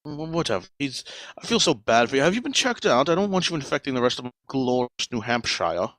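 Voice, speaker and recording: Guy chatting fast, offhand, dry mic. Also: mid-range voice, big pitch swings, fairly bright tone, no room sound. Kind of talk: casual chat.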